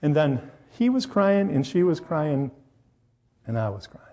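Before a congregation in a church hall, a man with a slightly high voice preaches at a moderate pace. His style is animated as he shares personal stories and questions his listeners head-on. The sound is lo-fi.

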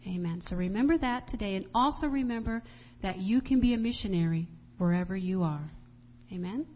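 A woman missionary giving a children's sermon, telling an animated story and asking the children questions along the way. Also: mid-range voice, brisk. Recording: long reverb, dull lo-fi sound.

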